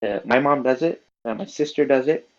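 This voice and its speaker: A man's voice: mid-range voice, a little fast. Hesitant man on a muffled mic. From not from the US. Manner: hesitant, many fillers and restarts. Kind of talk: casual podcast chat. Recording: dull, lo-fi sound.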